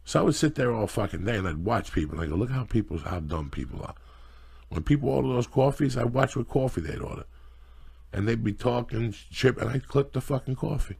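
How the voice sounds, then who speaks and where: A middle-aged man hosting a casual podcast chat, ranting loudly and profanely in a preachy way. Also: mid-range voice, expressive, fast. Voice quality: gravelly and husky. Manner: loud, profane, preachy rants. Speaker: podcast host.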